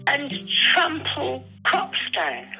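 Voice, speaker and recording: A woman's voice: high voice, wildly swooping pitch, drawn-out words, creaky, over music, poor audio. A woman guest on a podcast, asking blunt, incredulous questions in casual chat, now and then swearing.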